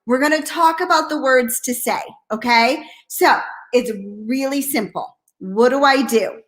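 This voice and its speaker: A woman coaching network marketers on a live stream, energetic and blunt, repeating "okay?" and acting out hesitant and excited voices. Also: high-pitched, a little slow.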